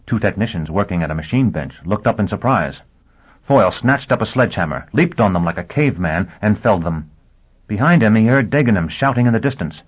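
Deep husky male audiobook narrator. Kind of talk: scripted narration. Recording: tinny lo-fi phone-like audio.

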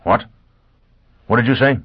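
A man's voice: mid-range voice, unhurried, husky, voice pushed up. Male lead, young, volatile and blunt, urgent delivery, male reader's take, phone-line tone. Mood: angry. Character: volatile, hot-tempered young spacefaring man. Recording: tinny phone-like sound.

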